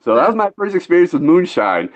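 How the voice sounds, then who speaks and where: A man's voice: high-pitched, very animated, quick pace, lo-fi sound. A man telling a long story in casual chat, laid-back and rambling, swearing freely. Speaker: podcast host.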